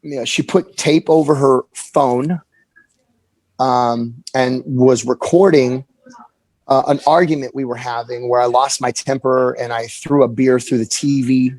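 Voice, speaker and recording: A man in his forties, appearing as an interview guest, tells a candid personal story in an earnest, halting way, often restarting sentences. His voice is medium-pitched and darkish with fairly even intonation, recorded with no echo but poor audio.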